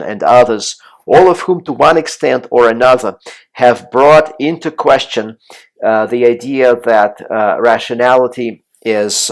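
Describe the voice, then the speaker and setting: A man giving a recorded college lecture on politics and the media, speaking in a measured way with frequent "uh" fillers and restarts. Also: on the low side.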